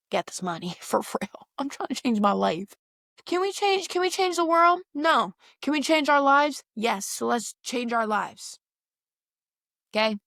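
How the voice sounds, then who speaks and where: A woman's voice: medium pitch, dry recording, clean studio sound. Blunt, slangy young woman podcaster. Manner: blunt, animated, slangy and conversational. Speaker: podcast host. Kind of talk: casual solo podcast monologue.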